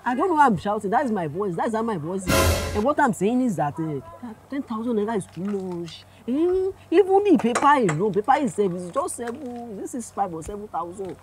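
A man's voice: sits high, very animated, brisk. An actor with a Nigerian accent playing an older man motorist who stammers and pleads with a police officer in a comedy skit. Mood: pleading.

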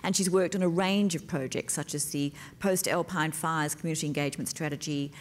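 A woman's voice: sits low, fairly even intonation, fairly quick. A woman moderating a university panel on stage, reading out guest bios with playful asides. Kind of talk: live panel introduction.

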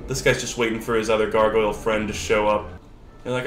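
A young man streaming a video game, chatting casually and excitably with swearing, sudden shouts and laughter. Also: medium pitch, fairly quick, echoey room, slight background noise. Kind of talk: casual gameplay commentary. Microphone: older lower-quality desk mic.

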